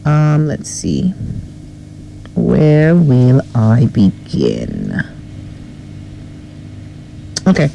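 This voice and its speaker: A woman's voice: a bass voice, huge pitch swings, drawn-out words, creaky, long pauses, dark tone, a little hiss or hum, low-quality recording. Saint Lucian woman co-hosting radio. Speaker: radio co-host. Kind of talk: morning radio talk show, reading headlines.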